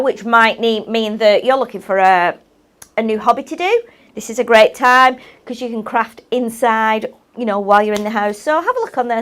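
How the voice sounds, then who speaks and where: A high-pitched woman hosts a live craft show. Her talk is chatty and friendly, full of little tag questions and ums as she shows off products. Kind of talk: live product demo chat.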